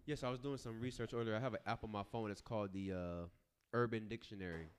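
A man's voice: on the low side, steady tone, fast, clean tone. A man co-hosting a podcast in casual chat, joking, laughing often and restarting his sentences. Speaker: podcast co-host.

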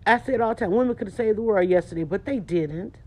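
Her mid-range voice has a darkish tone and a quick pace. In a casual, slangy monologue, this small business owner preaches with emphasis and keeps repeating herself to make her points stick.

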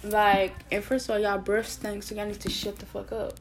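A woman's voice: medium pitch, normal speed, a little hiss or hum. Profane, rambling woman ranting casually. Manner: profane, animated, rambling with many fillers and self-interruptions. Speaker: vlogger. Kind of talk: casual opinion rant to camera.

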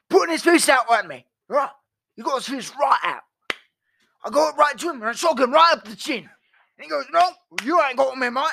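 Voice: high-pitched, vocal fry, pushed and bright, pitched above the performer's own voice, exaggerated voice. Someone doing a brash Aussie bloke. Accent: Australian, put on. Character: brash Australian bloke boxing a kangaroo.

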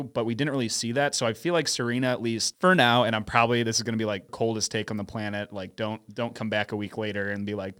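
Male podcast co-host from St. Louis, mid-pitched voice, loose rambling chat. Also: fairly even intonation, fast talker, a bit bright. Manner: rambling, lots of restarts and hedging fillers.

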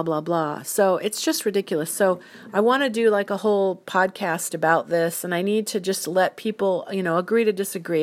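A woman giving a casual, opinionated solo monologue, explaining her views earnestly with everyday examples. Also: on the low side. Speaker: solo commentator.

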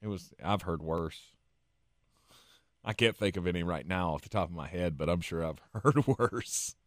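A man's voice: low-pitched, moderate pace, dry recording, studio quality. A man co-hosting a sports talk show, easygoing and conversational, often restarting his words. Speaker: sports radio co-host.

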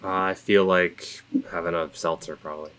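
Deep-voiced laid-back podcast co-host. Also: male voice, little pitch movement, moderate pace, fairly bright tone, clean tone. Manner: laid-back, dry, brief replies. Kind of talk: casual podcast chat.

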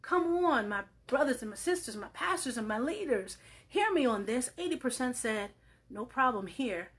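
A woman preaching with a husky, slightly breathy voice that sits a little high. She drives her points home by repeating key words and sometimes drops to a near whisper. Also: sing-song, normal speed. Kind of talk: sermon.

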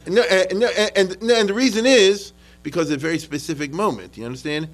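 A man giving a classroom history lecture, animated and full of restarts, acting out quotes to his students. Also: sits high, a little fast, faint music behind, poor audio.

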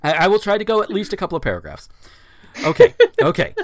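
Lively man reading aloud with asides. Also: high-pitched, racing. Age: 30s. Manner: incredulous asides, frequent fillers. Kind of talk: reading a blog post aloud with commentary.

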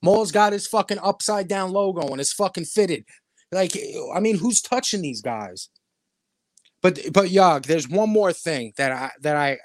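Male podcast host, sarcastic profane rant, higher voice, dry studio sound. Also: no room sound. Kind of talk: ranting podcast commentary.

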